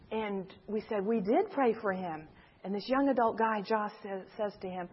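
Her voice is fairly high with a breathy edge, at normal speed, on a muffled recording. She belongs to a church group and shares a personal story with an audience as her testimony, animatedly performing the people's voices.

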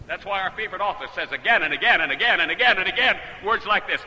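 A man preaching a sermon, telling a story and moving between loud exclamations and hushed, confiding words. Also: high-pitched, expressive, fast talker, hardly any pauses, breathy edge, in a large hall, poor audio.

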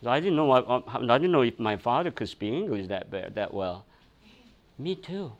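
A man's voice: medium pitch, very animated, fairly quick. A male pastor delivers a sermon as a personal story. He talks loosely, full of fillers and restarts, and laughs as he goes.

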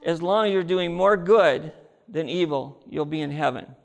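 Gravelly man preaching in a reverberant hall. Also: on the high side, moderate pace. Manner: earnest storytelling, addresses audience directly. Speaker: preacher giving his testimony. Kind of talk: testimony sermon.

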